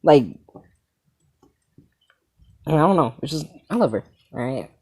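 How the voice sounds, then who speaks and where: A teenage comedy host tells a story in a casual, rambling way, sometimes getting sidetracked. The delivery is animated and loose, with casual swearing. The voice sits at an average pitch. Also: takes it slowly, breathy edge.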